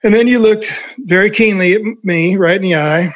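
A man's voice: high voice, brisk. Man telling a workplace story, laughing. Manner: animated anecdote-telling, laughing often. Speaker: former record label promoter. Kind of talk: storytelling in casual conversation.

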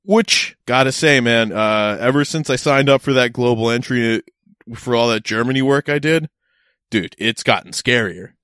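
A man's voice: mid-range voice, normal speed, fairly bright tone, clean tone, no room sound, clean studio sound. A man in casual podcast chat, rambling and swearing, with many restarts.

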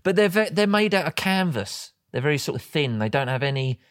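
A man's voice: fairly high pitch, big pitch swings, brisk, clean tone, dry recording, studio quality. A man co-hosting a podcast in casual chat, telling rambling stories full of hesitations, laughing often. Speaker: podcast co-host.

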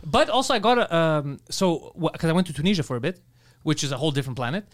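High, fast, animated man telling stories. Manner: animated, profane storytelling with loud acted-out quotes. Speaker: podcast host. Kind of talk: casual podcast chat.

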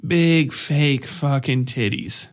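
A man voicing a drunk, crude, leering male office worker who mutters slowly and sloppily. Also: medium pitch, fairly even intonation, natural voice. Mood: drunken leering.

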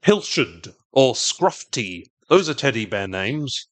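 A man's voice: mid-range voice, big pitch swings, takes it slowly, no echo. Wry man recapping a TV episode. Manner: wry, sardonic, talkative. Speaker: podcast co-host. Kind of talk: casual TV recap chat.

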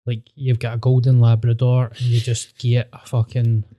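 A man's voice: medium pitch, monotone, moderate pace, mellow. A man with a Scottish accent co-hosting a podcast, trading sweary, laughing banter in casual chat. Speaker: podcast co-host.

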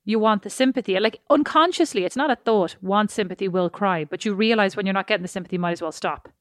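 A woman's voice: medium pitch, fast talker, no echo. Woman co-host, chatty and emphatic, dry close mic. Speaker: podcast co-host. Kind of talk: casual chat.

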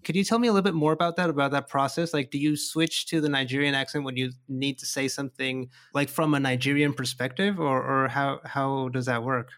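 A man's voice: medium pitch, steady tone, a bit bright. A man hosting an interview, asking long questions with frequent restarts and fillers. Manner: halting, many restarts and fillers. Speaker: podcast host, interviewer.

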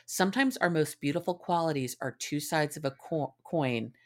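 A woman's voice: sits low, moderate pace. A woman co-hosting a casual recap podcast, offering reflective takes drawn from her own therapy and emphatic agreement. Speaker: podcast co-host.

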